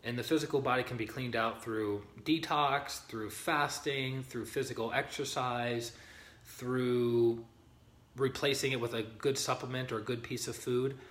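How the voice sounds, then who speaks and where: A man's voice: mid-range voice, fairly even intonation, measured pace, fairly bright tone. Man teaching in a roomy echo. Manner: conversational, greets viewers by name, checks in with "okay?" and "right?". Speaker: spiritual teacher leading a group. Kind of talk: informal livestream teaching, reading aloud from a book.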